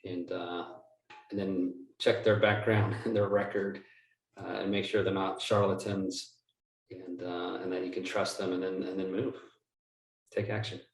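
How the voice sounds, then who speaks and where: A man's voice: sits low, flat delivery, unhurried. A man, a real estate investor guest, answering interview questions in a rambling, self-correcting, joking way. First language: not from the United States. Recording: roomy, distant mic.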